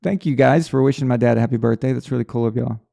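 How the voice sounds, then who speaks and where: Rambling through a casual sports talk livestream as its host, a man keeps restarting and repeating words while he thinks aloud. He speaks quickly in a warm, gravelly, mid-range voice.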